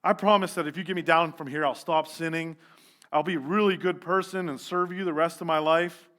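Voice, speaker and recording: A man voicing a panicked man hanging from a cliff, shouting high and loud for help during a sermon story. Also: fairly even intonation, brisk, lightly acted. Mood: pleading. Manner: yelling desperately, high and loud.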